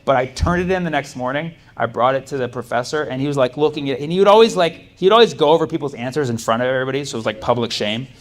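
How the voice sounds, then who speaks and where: A man's voice: mid-range voice, rapid-fire, few pauses. A man doing a stand-up set, telling stories in a loose, rambling way with lots of fillers and restarts. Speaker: stand-up comedian. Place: comedy club stage. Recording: live club recording with steady background noise. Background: audience ambience.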